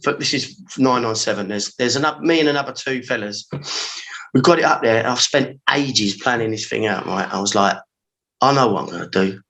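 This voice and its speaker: A man in his forties with a London accent, a podcast guest telling animated, slangy stories and acting out his own reactions. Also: medium pitch, fairly quick, low-quality recording. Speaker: podcast guest, former pirate radio engineer. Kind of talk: storytelling in casual chat.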